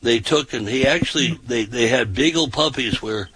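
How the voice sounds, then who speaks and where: A man's voice: medium pitch, normal speed, a bit bright, slight background noise, low-quality recording. A man hosting a casual talk show, talking emphatically and often repeating himself and restarting his sentences.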